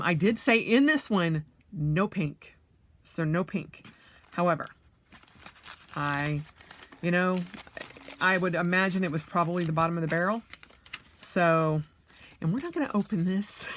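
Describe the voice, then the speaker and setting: Slow-talking woman unboxing, chatty. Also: on the low side, fairly bright tone, slight background noise. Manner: chatty, thinking aloud with frequent fillers and squeals of delight. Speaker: vlogger. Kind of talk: casual unboxing vlog.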